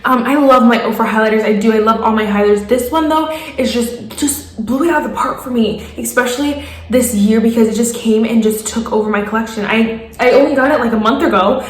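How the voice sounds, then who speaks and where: A woman's voice: fairly high pitch, brisk, hardly any pauses, echoey room, rough recording. A young woman reviewing her favorite makeup in a casual, gushing way, piling up praise and laughing often. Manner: gushing, enthusiastic, repetitive praise with frequent laughs. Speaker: beauty vlogger.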